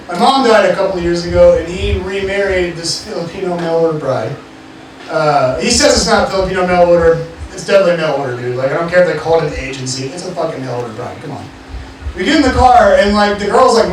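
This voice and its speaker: A man's voice: high-pitched, fairly quick. A young man from the Mississippi Gulf Coast performing a casual, profane stand-up set full of fillers, in a bar with a live audience. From Mississippi Gulf Coast, USA. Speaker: stand-up comedian. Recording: echoey, distant, noisy live bar recording. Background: room ambience and crowd noise.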